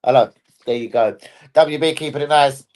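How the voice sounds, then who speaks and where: This young man runs a football fan live stream, chatting casually in a sweary, jokey, rambling manner. His voice is medium in pitch, a little mellow, and moves at a moderate pace.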